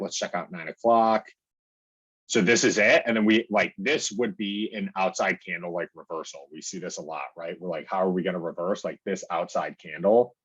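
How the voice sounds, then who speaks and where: A man's voice: deep voice, fairly bright tone, husky, muffled recording. A young man casually walking through trading charts on his screen, chatty, peppering his talk with "like" and "okay" and acting out his own reactions. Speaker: day trading educator.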